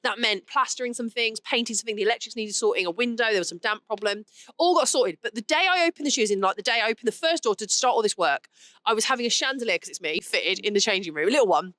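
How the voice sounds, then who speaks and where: Sex: woman. Role: podcast host. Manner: animated storyteller, quick asides, fast and bright. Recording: dry, close. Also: on the high side, no room sound. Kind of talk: casual podcast chat.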